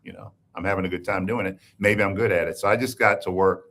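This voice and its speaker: Deep-voiced man, a reflective interview guest. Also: steady tone, creaky, fairly bright tone. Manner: measured, reflective, hesitant restarts. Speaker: guest executive. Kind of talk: conversational interview.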